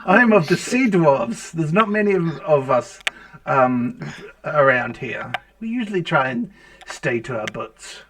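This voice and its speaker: A man's voice: on the high side, sing-song, fast talker, few pauses, echoey room, noisy background. A man voicing a bumbling male dwarf shopkeeper in a tabletop game, with a put-on, mock Irish lilt. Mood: jovial.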